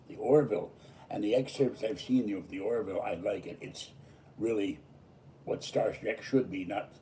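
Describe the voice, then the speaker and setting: Tired man, low mellow voice, rambling vlog chat, distant mic with faint background. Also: slight background noise. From Pittsburgh, USA. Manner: digressive, jumping from topic to topic. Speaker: vlogger. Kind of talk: casual rambling monologue.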